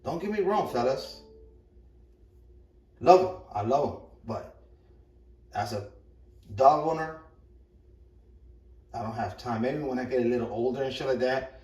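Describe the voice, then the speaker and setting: A man's voice: mid-range voice, a little slow, pauses often, darkish tone. A middle-aged man telling a rambling, profane story in a casual way while he cooks in his kitchen. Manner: rambling, profane, repeats himself. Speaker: vlogger. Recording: echoey room, mic far off.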